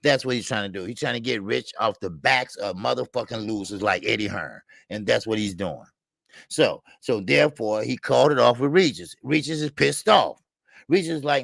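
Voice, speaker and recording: Gravelly, profane man ranting about boxing. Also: mid-range voice, normal speed, fairly bright tone, dry recording. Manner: profane, heated, repetitive ranting; reads viewer names and Super Chats. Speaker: boxing talk show host. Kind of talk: live-stream call-in rant.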